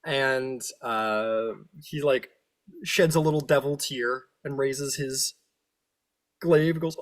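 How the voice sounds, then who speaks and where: A man narrating as game master, animated and laughing, often jumping into silly voices. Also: medium pitch, takes it slowly.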